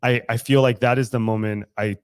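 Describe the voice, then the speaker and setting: A man's voice: medium pitch, steady tone, fairly quick, smooth, no echo, studio quality. A man talking as guest co-host of a podcast, candid and full of swearing, laughing often as he tells a story. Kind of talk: casual podcast chat. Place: recovery club in a room.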